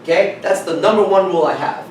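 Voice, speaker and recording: A man's voice: a little high, brisk, far from the mic, slight background noise. A man coaching on dating, telling a story emphatically and acting out both sides of the conversation. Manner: acts out dialogue, emphatic, repeats "I said". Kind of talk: animated storytelling talk. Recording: echoey room, speaker away from the mic.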